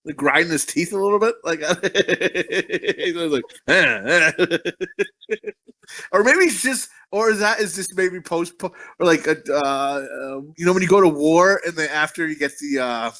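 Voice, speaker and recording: A man with a slightly high, fairly bright voice speaks at normal speed while co-hosting a movie review podcast. The chat is casual, full of crude jokes, heavy swearing, and frequent laughter.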